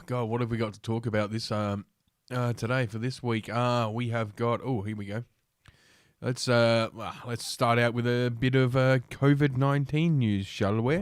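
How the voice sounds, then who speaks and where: A man's voice: medium pitch, no echo, studio quality. A man hosting his solo podcast in a crude, rambling casual style with many fillers, drinking as he talks. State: drinking while talking. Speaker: podcast host.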